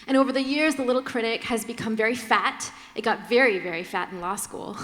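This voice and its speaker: A woman speaking candidly on a conference panel, animated and quick to laugh, slipping into different voices as she tells her story. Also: on the high side. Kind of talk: candid personal talk on a panel. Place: large conference hall. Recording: long reverb of a large hall.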